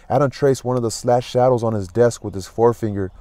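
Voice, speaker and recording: A man reading a classic novel aloud as an audiobook, in a steady, unhurried way. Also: medium pitch, no echo. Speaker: audiobook narrator.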